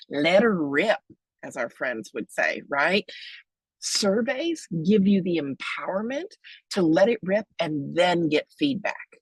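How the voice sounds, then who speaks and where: A woman in her forties giving a lively webinar talk, joking and chatty, with big excited leaps in her voice. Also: slightly rough, dry recording, low-quality recording. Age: 40s. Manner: playful, joking, chatty asides; big excited pitch jumps. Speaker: webinar presenter on donor relations.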